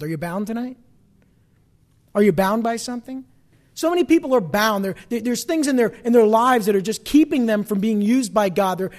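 A man with a fairly high voice preaches a sermon. He climbs loud and forceful when quoting scripture and drops low and quiet for personal stories.

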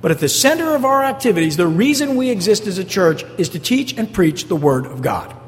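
High-voiced man preaching in a reverberant church. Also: sing-song, a little fast. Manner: emphatic, repeats key phrases, asks the congregation rhetorical questions. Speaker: pastor. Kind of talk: sermon. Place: church sanctuary. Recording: long church hall reverb.

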